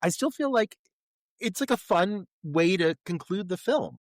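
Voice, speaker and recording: A man co-hosting a podcast, giving casual and candid film commentary with crude humor and frequent hesitant pauses. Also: high voice, expressive, no echo, clean studio sound. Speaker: podcast co-host.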